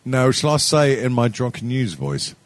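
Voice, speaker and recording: A man's voice: mid-range voice, sing-song, moderate pace, dry recording. A young man co-hosting a podcast, telling stories in a rambling, sweary way, full of stammered restarts and laughing at his own jokes. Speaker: podcast co-host. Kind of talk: casual sweary chat.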